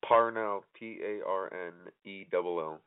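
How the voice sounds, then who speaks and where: A man in his twenties calling in to a radio show, speaking in a hesitant, flat, deadpan way. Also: deep voice, unhurried, clear, resonant tone. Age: 20s. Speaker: caller. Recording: tinny phone line.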